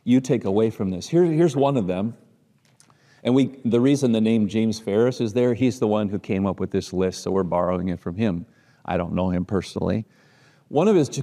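Middle-aged Midwestern man leading a church class, mellow tone, casual teaching that is full of rhetorical questions, long hall reverb. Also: on the low side. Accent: Midwestern American. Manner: conversational, rhetorical questions, frequent restarts.

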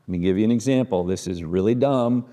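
Warm Midwestern man teaching a church class. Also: fairly low pitch, brisk, long reverb tail. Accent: Midwestern American. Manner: conversational, rhetorical questions, frequent restarts.

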